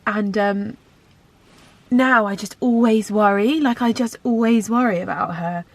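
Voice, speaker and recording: A woman's voice: mid-range voice, measured pace, dry recording. A woman chatting casually to camera in a vlog, rambling and heartfelt. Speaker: lifestyle vlogger.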